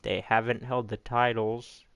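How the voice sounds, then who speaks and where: A man recapping results in a slow, unhurried delivery, rambling and opinionated and not shy about swearing. His voice is smooth and clear, recorded close in a dry room. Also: medium pitch, flat delivery, fairly bright tone, dry recording. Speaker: YouTube wrestling recap host. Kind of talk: casual recap commentary.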